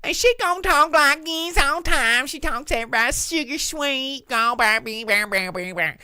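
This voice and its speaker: Man doing a campy Southern young woman impression: high, sing-song drawl, put-on Southern accent, lively swoops. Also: normal speed, no room sound, exaggerated voice. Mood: syrupy. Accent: put-on American Southern. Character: over-the-top sugary Southern young woman.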